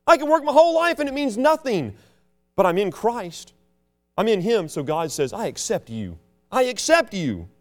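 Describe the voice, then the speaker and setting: A man preaching a sermon with passion, swinging between loud declarations and hushed asides. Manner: mocks proud churchgoers in a sneering low voice.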